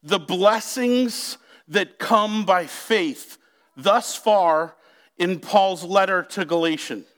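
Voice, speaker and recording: Slow, emphatic preaching man. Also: high voice, a bit bright. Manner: slow, emphatic preaching with drawn-out key words; addresses congregation directly. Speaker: pastor. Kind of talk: sermon.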